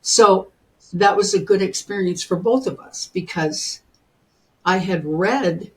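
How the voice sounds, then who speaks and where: A woman in her seventies telling personal stories as a podcast guest in an animated way, often calling the listener honey. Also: mid-range voice, slow. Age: 70s. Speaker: guest, psychic and spiritual teacher. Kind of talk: storytelling in a podcast interview.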